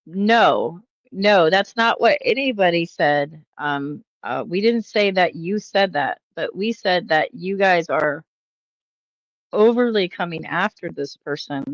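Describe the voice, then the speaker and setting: A woman's voice: lowish voice, animated, slow, dry recording, dull audio. A woman hosting casual reaction commentary, rambling and exasperated, with frequent um and uh fillers. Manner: exasperated, critical. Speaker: commentary channel host.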